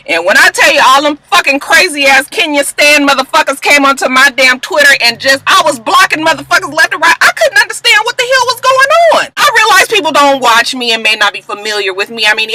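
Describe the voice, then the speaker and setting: High, bright-voiced woman ranting bluntly. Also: low-quality recording. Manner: blunt, profane and emphatic. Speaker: reality TV recap vlogger. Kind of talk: casual recap commentary.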